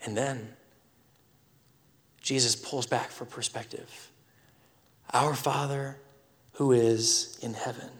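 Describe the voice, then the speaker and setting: A man, preaching a sermon that swings from loud scripture reading to hushed whispers. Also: mid-range voice, steady tone, slow, long pauses. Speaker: pastor. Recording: long reverb of a large hall.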